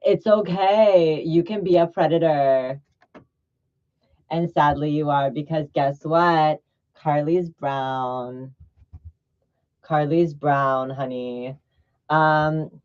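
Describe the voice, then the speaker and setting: Drag performer venting on a vlog, sassy n blunt, mid-pitch voice, muffled lo-fi sound. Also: fairly even intonation, unhurried. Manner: sassy, blunt, swearing, drifts off mid-thought. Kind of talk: ranting vlog monologue.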